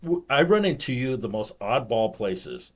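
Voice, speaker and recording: A man's voice: mid-range voice, sing-song, normal speed, crowd noise. A man hosting a podcast in casual chat, rambling through stories with lots of "it's like" and laughing asides. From United States. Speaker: podcast host.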